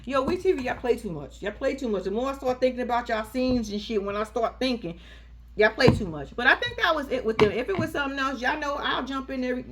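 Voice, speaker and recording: Sassy, animated woman recapping reality TV. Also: high voice, brisk. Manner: sassy, profane, animated storytelling. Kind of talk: casual recap commentary.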